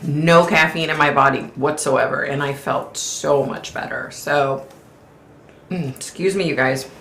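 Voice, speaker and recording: A woman's voice: deep voice, steady tone, measured pace, gravelly, fairly bright tone, reverberant, slight background noise. A middle-aged woman hosting a live stream from home, chatting casually in a rambling way and laughing often. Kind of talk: casual chat.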